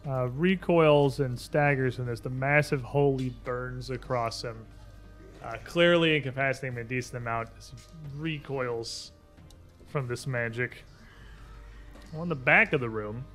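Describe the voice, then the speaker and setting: A man's voice: medium pitch, unhurried, pauses often, a bit bright, soft background music. A man running a tabletop game as game master, describing scenes and calling rolls. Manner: descriptive, rules talk mixed with scene narration.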